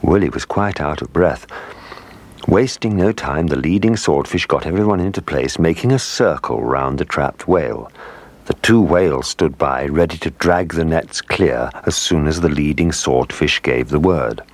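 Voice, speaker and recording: A man reading a children's story aloud in a lively, expressive way. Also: rumbling low, normal speed, no room sound. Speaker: narrator.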